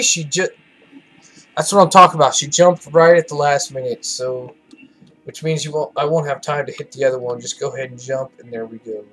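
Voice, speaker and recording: Sounding tired, a gamer delivers rambling, profane opinions as casual commentary on his gameplay. His medium-pitched voice is fairly quick and fairly bright, with fairly even intonation.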